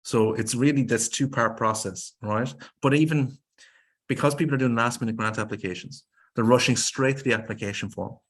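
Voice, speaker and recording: A man with an Irish accent giving a webinar presentation on grants, speaking briskly and emphatically and firing off rhetorical questions. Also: mid-range voice.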